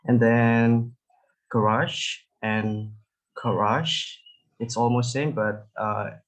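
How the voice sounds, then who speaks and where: Young man giving a halting class talk. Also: medium pitch, fairly even intonation, low-quality recording. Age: young adult. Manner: explains haltingly with many fillers. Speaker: student presenter. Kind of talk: class presentation.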